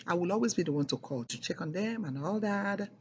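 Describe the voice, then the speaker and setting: A woman's voice: fairly low pitch, expressive, a little fast, darkish tone, lo-fi sound, a little hiss or hum. A middle-aged woman telling a personal story in an emphatic, repetitive way, leaning hard on key words. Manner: emphatic and repetitive, with heavy stresses. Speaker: speaker sharing a personal testimony.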